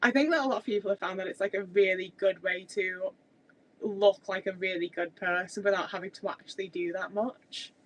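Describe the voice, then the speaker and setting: A woman's voice: medium pitch, steady tone, brisk, poor audio. A woman, chatting casually on a livestream in a rambling way with many filler words. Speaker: streamer.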